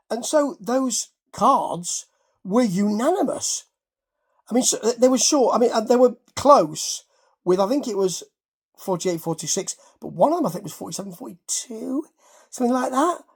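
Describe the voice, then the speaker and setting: A man's voice: very high voice, expressive, normal speed, creaky, slightly rough. A man hosting a casual boxing chat, rambling and correcting himself as he goes. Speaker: host.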